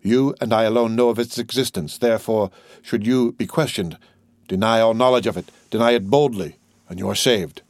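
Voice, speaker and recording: A man's voice: on the low side, moderate pace, no room sound, clean studio sound, lightly acted. A man reading the part of a scheming, anxious deputy prosecutor in an audiobook, urgent and secretive.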